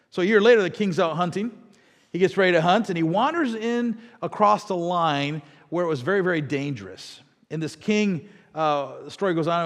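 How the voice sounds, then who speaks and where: A middle-aged man from the American Midwest, preaching a sermon with lively storytelling and asides to the congregation. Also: high-pitched, big-room sound. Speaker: pastor. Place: church sanctuary.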